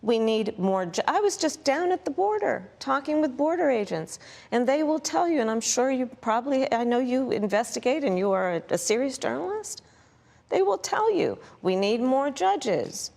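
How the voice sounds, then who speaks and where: A woman politician giving measured, repetitive answers in a broadcast interview. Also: high-pitched, sing-song, vocal fry, a little mellow, in a large hall. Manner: measured, deflecting, repeats phrases.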